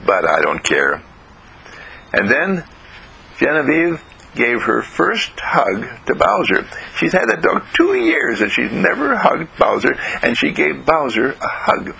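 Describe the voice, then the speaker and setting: A man telling a children's story on the radio in a gentle, slow, lively way, clearing his throat now and then. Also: mid-range voice, poor audio.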